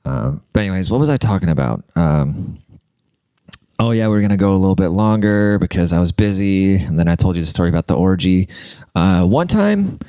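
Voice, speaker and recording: A man hosts his podcast and rambles through crude comedic stories, leaning on "like" as he goes. His voice sits a little low with a warm, dark tone. The sound is dry and close, with no room around it. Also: animated, a little fast, smooth, no room sound. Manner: rambling and crude, heavy use of "like". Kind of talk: casual comedic storytelling.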